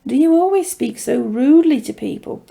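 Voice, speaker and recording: A woman voicing a tall male faerie who teases in an amused, unhurried way. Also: sits high, lively intonation, vocal fry, dark tone, breathy edge, heavily acted. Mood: teasing. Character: tall smirking male faerie, teasing and mischievous.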